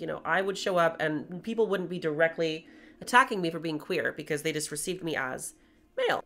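A woman in her twenties chatting candidly to camera while doing her makeup, with playful asides. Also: on the low side. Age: 20s. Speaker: YouTuber and streamer. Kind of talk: casual vlog chat while doing makeup.

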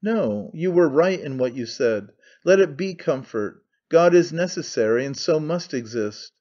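A gloomy, brooding idealist, read by a man, grave and curt, in an audiobook. His voice sits slightly high over a dull, lo-fi recording. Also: animated, a little slow, warm tone. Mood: earnest. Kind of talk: audiobook character reading.

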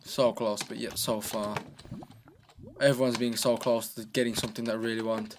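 A man's voice: fairly low pitch, flat delivery, normal speed, noisy background. A man giving casual, joking commentary on his own gameplay, chatting away and talking to himself at a desk microphone. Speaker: gaming channel host.

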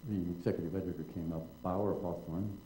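Older man, deep voice, very mellow tone, wry storyteller, roomy echo. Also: fairly even intonation, fairly quick, slight background noise. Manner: wry, digressive storyteller who acts out quotes. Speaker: guest writer in public conversation. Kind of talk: anecdotal storytelling on stage. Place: auditorium at a public event.

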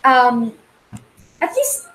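A Filipino woman teaching a Bible study class, quizzing her students with lively questions and switching freely between English and Tagalog. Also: sits high, drawn-out words, rough recording. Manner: animated, mixes English and Tagalog.

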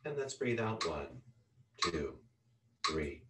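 Slow, deep-voiced man guiding yoga breaths. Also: heavy background noise. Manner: calm, unhurried counting of breaths. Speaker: yoga teacher. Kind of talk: guided yoga breathing instruction. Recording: roomy sound from a distant mic with a loud ticking metronome. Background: metronome clicking once a second.

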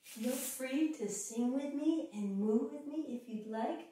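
A woman's voice: sits high, slow. A woman in her thirties leading a playful, sing-song yoga class for children. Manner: playful and animated, singing and making animal noises. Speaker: kids yoga teacher. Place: echoey room. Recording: very echoey room, voice far from mic.

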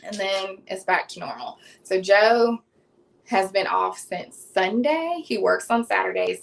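A woman's voice: medium pitch, gravelly, a bit bright, low-quality recording. Chatty Southern woman cooking live. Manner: chatty, addresses viewers as y'all. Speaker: cooking vlogger hosting a livestream. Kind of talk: casual live cooking chat.

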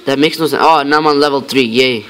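A man's voice: medium pitch, quick pace, fairly bright tone. A man giving casual, rambling commentary over his own gameplay, talking to himself with many fillers and mock-tough lines.

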